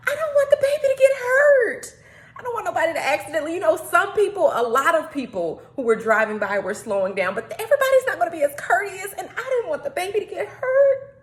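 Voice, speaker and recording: A young adult woman vlogging in a chatty, animated way, often jumping up into high squeals. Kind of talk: casual talking-head vlog. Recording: echoey room.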